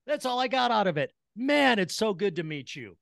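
Podcast host, man from Chicago, effusive and excitable, slightly high voice, dry close mic. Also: normal speed, vocal fry, no echo. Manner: excitable, effusive, laughs often. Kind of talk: enthusiastic interview chat.

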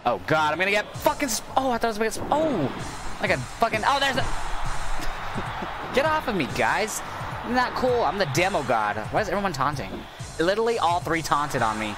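Guy with a worn hoarse voice yelling at a video game, kinda high, cursing a lot. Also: big pitch swings, moderate pace. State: voice going hoarse. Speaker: gaming channel host. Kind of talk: casual gameplay commentary. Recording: game music loud behind voice. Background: video game music.

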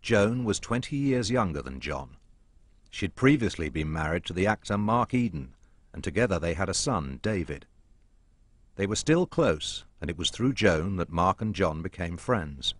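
A man narrating a documentary in a measured, even scripted read. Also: low voice, no room sound.

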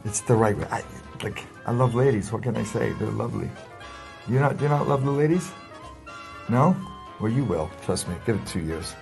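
A man's voice: medium pitch, expressive, normal speed, creaky, a little mellow, faint music behind. A Scottish man in his fifties chatting playfully with children, teasing and stammering as he answers. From Scotland. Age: 50s. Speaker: interviewee.

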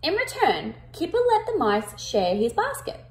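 A woman reads a children's picture book aloud, with a high, sing-song voice that swoops widely. She takes her time and stops to ask the children questions, stressing words with expression. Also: measured pace, a little hiss or hum. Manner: interactive, asks the listeners questions; expressive, emphatic. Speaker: storyteller reading to children.

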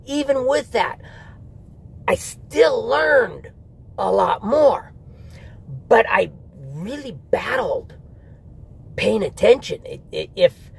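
Gravelly, husky man reviewing a book. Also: high voice, very animated, takes it slowly, pauses often. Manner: candid, rambling, with restarts and mock asides. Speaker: audiobook reviewer. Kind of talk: casual spoken review.

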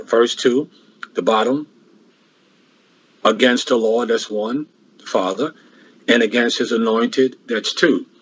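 Husky man preaching a Bible lesson. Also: on the low side, fairly bright tone, highs cut off. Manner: repetitive, restarts often, rhetorical questions. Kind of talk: Bible class sermon.

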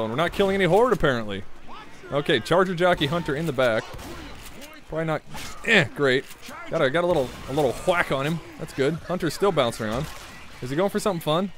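A young man with a slightly higher voice talks his way through a shooter match in loose, joking commentary. He rambles, mutters to himself and keeps up a running patter while he plays. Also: fairly bright tone. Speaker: gaming YouTuber. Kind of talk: casual gameplay commentary.

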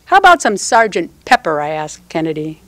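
An older woman reading her own prose poem aloud at a public poetry reading, in a slow, measured and tender way. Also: lowish voice, big pitch swings, a bit bright, no room sound. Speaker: poet.

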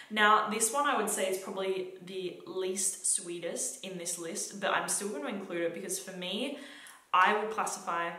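A woman's voice: on the low side, fairly bright tone. A young Australian woman reviewing fragrances in a vlog, talking in a gushing way with lots of "like" and repeated words. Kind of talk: enthusiastic product review vlog. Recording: echoey room.

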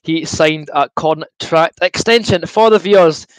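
This young Scottish man, with a fairly high voice and a measured pace, hosts a football watchalong livestream. He reads out and answers viewer comments, chatty and good-humoured while a bit queasy from fizzy juice. The audio is poor, with no echo.

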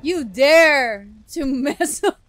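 Very high-pitched excitable woman. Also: very slow, soft background music. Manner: excitable, exclaiming and laughing. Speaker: anime reaction host. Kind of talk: live reaction commentary.

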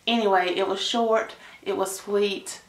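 A woman's voice: medium pitch, fairly even intonation, unhurried. A woman telling a story in a chatty, gushing way. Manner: chatty and gushing, with sighs and laughs. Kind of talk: casual storytime. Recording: echoey room.

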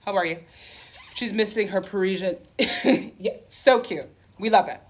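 A woman with a mid-range voice and a measured pace hosts a livestream sale at her clothing boutique. Her sassy, campy chatter is loaded with "okay?" and "honey".

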